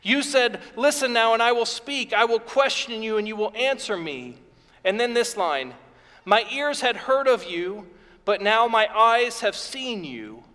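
High-voiced preacher in a reverberant hall. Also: male voice, expressive, unhurried, sharp tone. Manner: earnest, repetitive preaching cadence. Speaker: pastor. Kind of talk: sermon.

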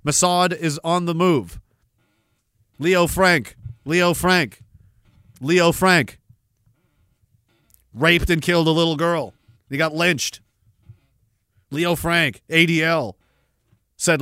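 A man hosting a podcast with a high, bright voice, ranting in a sardonic, profane way and laughing at his own jokes. The sound is dry and close. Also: steady tone, slow pace, long pauses, clean tone, dry recording. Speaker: podcast host. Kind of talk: casual ranting commentary.

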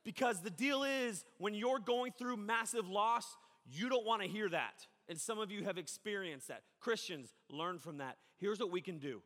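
High, bright-voiced male pastor preaching. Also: moderate pace, hardly any pauses, long reverb tail. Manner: animated, conversational, acts out quoted voices. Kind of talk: sermon.

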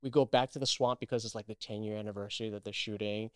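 A man's voice: lowish voice, steady tone, fast, clear, resonant tone, dry recording, studio quality. A man, an actor, chatting as an interview guest, telling stories animatedly with many restarts. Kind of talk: casual interview chat.

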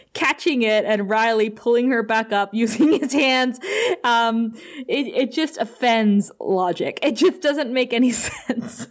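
Woman, podcast co-host, casual chat, giggly, quick impressions. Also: fairly high pitch. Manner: giggly, retells scenes with quick voiced impressions. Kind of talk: casual chat recapping a TV episode.

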